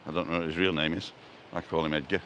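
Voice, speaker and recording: A vlogger and live-stream host with a bass voice walks along a street in a seaside resort, talking into a handheld phone camera. His delivery is flat, quick and fairly bright, chatty, self-mocking and full of puns. A little hiss or hum is audible.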